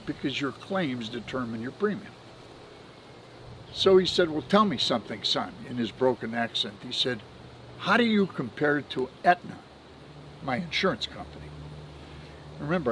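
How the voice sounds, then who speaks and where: This is a benefits administrator in his seventies, a guest on a podcast, spinning homespun business stories with chuckles in between. He speaks in a mid-range voice over slight background noise, and the audio is poor.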